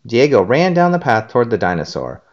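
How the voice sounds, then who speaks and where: A man reading a storybook aloud to his child in a gentle, expressive way. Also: mid-range voice, brisk, muffled recording.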